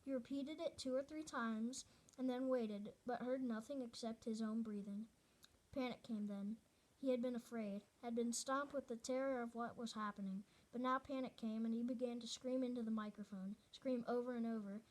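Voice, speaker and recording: A woman reads a novel aloud in a fairly high voice. Her delivery is earnest and unpolished, and she often stumbles, restarts and corrects herself mid-sentence. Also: steady tone, normal speed. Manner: earnest reading with frequent restarts and self-corrections. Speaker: reader.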